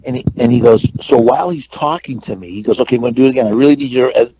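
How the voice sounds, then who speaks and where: A Californian man in his sixties speaks very fast at a medium pitch over a noisy background. He's an interview guest spinning a long anecdote, acting out the dialogue, full of fillers and restarts.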